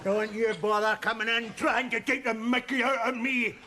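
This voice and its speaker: Cantankerous Scottish patient. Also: male voice, very high voice, fairly even intonation, moderate pace, very noisy. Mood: indignant. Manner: indignant, scolding. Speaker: hospital patient. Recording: studio audience laughter behind.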